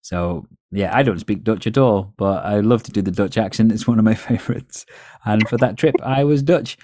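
A man hosting a podcast, telling stories in a relaxed, chatty way with a North West English accent. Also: fairly low pitch, moderate pace, no room sound, clean studio sound. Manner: storytelling, chatty with laughs. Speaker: podcast host. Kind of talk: casual chat.

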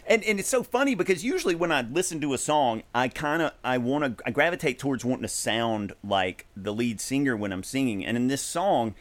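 A man co-hosting a casual music chat, animated and swearing freely, breaking into sung bits. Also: medium pitch, brisk, hardly any pauses. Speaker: podcast co-host.

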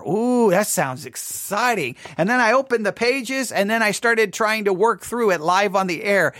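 A man's voice: high voice, lively intonation, normal speed, few pauses, a bit bright, no echo. A man hosting a live podcast from his studio, telling a self-deprecating story in a chatty way, often asking "right?". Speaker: podcast host. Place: home studio.

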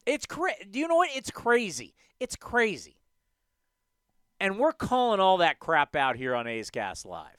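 A man's voice: high-pitched, wildly swooping pitch, unhurried, a bit bright, clear, resonant tone, no room sound. A man hosting a sports talk show, ranting emphatically with rhetorical questions.

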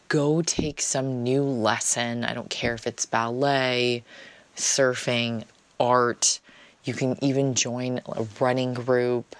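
A woman's voice: extremely low pitch, no room sound. A woman telling a personal story in a casual, chatty monologue, often dropping "like" as filler.

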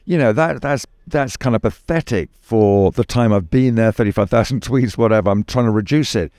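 A man's voice: medium pitch, fairly quick, a little mellow, no echo. A man from the United Kingdom speaks in an everyday mid-range voice, weighing his words and often circling back with restarts and fillers. His voice is recorded close and dry, with no room sound. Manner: thoughtful, hesitant with many restarts and fillers. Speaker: guest. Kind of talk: conversational interview.

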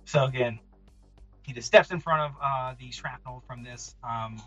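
A man narrating a tabletop game as game master, animated and quick to laugh. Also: mid-range voice. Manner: animated, laughing, hesitant fillers. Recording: dull, dry, with background music.

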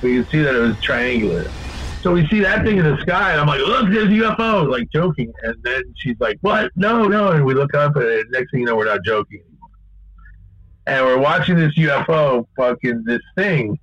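A man telling a long story in casual chat, rambling and swearing a lot, getting animated when he quotes people. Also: medium pitch, a little fast, no echo, muffled recording.

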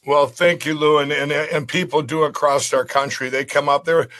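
A man's voice: fairly high pitch, steady tone, moderate pace, fairly bright tone. A man talking as an interview guest, rambling and earnest, often repeating and restarting his words. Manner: earnest and pleading. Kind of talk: casual interview talk.

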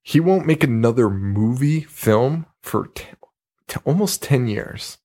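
A young man co-hosting a podcast in casual chat, animated and jokey, swearing freely and slipping into mock voices. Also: medium pitch, measured pace. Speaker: podcast co-host.

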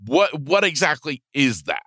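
Bright, dry-sounding interview host. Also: medium pitch, very animated, measured pace, no echo. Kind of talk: interview questions.

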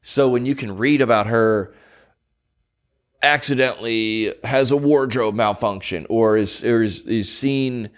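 A man's voice: medium pitch, unhurried. A young man hosting a podcast, telling rambling stories in casual chat with lots of fillers and mock voices. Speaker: podcast host.

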